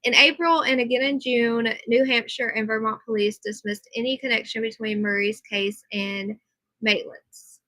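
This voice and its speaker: Woman streamer reading news out loud then chatting w chat, bright sharp voice kinda high, super dry close sound. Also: moderate pace, dry recording, rough recording. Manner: chatty, animated asides while reading. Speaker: live streamer. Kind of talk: reading a news report aloud, then casual chat with viewers. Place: at home at her computer. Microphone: computer mic, earbud in for monitoring.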